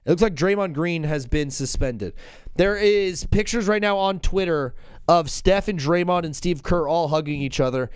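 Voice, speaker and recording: A man hosting a live basketball call-in show, talking in an excitable, joking, rambling way. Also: fairly high pitch, moderate pace, clean tone, no echo. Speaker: host.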